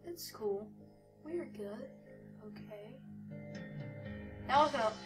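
A woman's voice: fairly high pitch, drawn-out words, rough recording. A woman giving rambling, joking commentary while playing a video game. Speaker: gamer. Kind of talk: let's play commentary. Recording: game music playing behind.

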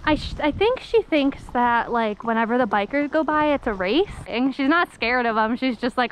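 A young woman chats and giggles as she rides a horse along an outdoor trail. Her voice sits high and bright, and she teases her horse often. The sound comes from a body-mounted action camera, with a faint hiss underneath. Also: expressive, moderate pace, hardly any pauses. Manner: giggly, chatty, teasing. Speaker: vlogger. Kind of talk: casual chat while riding. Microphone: helmet or body-mounted action camera.

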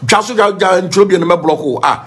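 A man with a Ghanaian accent preaching a comic sermon, jumping between singing, mimicry and shouting. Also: high voice, fast talker, crowd noise.

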